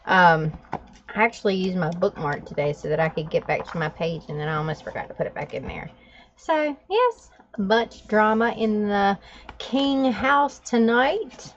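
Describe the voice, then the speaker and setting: A woman's voice: sits low, big pitch swings, a little fast. A woman vlogging, telling a story with laughs and then walking through a drawing tutorial in casual chat. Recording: dull lo-fi sound.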